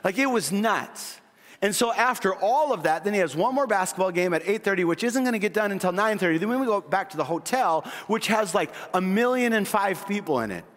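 A middle-aged male pastor with a high, light voice preaches in a big church hall, and his words ring out with a long reverb. He tells stories quickly and vividly, then sinks into soft, earnest appeals. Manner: storytelling, shifting from quick excited retelling to quiet earnest pleading. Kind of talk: sermon.

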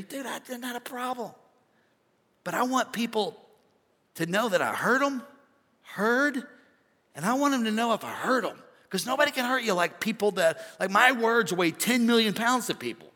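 A man preaching a sermon as a pastor, animated and conversational, joking with the crowd from the stage. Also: extremely high pitch, normal speed, in a large hall. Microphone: stage microphone.

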